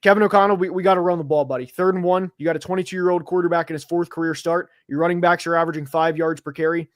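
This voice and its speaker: A man's voice: on the high side, racing, no room sound, studio quality. Fired-up young-sounding sports podcaster man. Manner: animated, gets worked up, many fillers. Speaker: podcast co-host. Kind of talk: casual sports podcast analysis. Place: seated at home studio.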